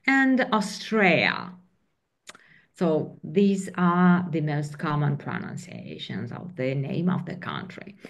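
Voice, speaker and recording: Slow, hesitant woman lecturer. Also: fairly low pitch. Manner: hesitant, many fillers and restarts. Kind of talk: academic presentation on slides. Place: online training session.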